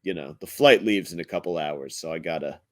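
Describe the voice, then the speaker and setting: A man voicing a selfish mother who brushes things off, speaking low and offhand. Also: fairly quick, no echo, studio quality, natural voice. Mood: dismissive. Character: selfish mother leaving on holiday.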